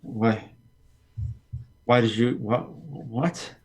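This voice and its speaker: A man's voice: medium pitch, fairly even intonation, very slow, a little mellow, breathy edge. A man voicing a resentful, cornered young man who stammers in hostile bewilderment, in a tabletop game. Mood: bewildered.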